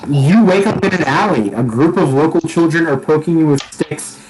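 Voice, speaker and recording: A man's voice: a little high, normal speed, crowd noise, low-quality recording. A man narrating as game master for a tabletop game, loose and rambling, laughing often. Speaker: dungeon master.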